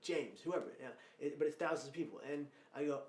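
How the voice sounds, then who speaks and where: A man hosting a podcast, talking emphatically and growing loud when telling stories. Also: mid-range voice, quick pace. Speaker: podcast host and speaker. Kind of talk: podcast conversation. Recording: roomy echo.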